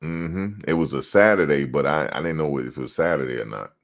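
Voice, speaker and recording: Male, very deep voice, relaxed profane storyteller in a sports chat. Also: fairly quick. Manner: loose, profane storytelling with laughter. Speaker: podcast co-host.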